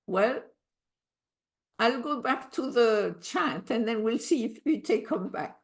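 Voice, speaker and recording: Slow, reflective woman with French accent. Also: on the high side, lively intonation. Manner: reflective, thinking aloud, slips in English grammar. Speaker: meditation teacher. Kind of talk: teaching in an online group session.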